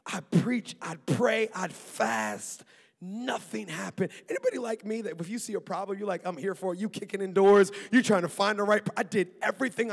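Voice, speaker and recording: A man preaching a sermon as pastor, lively and talkative, with asides to the congregation and laughter. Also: high voice, in a large hall. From Maryland. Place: church auditorium.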